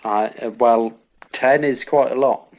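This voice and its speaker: A man's voice: medium pitch, steady tone, unhurried, vocal fry, darkish tone, lo-fi sound. A man as a podcast co-host playing quiz contestant, thinking aloud with hesitant fillers. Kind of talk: casual chat.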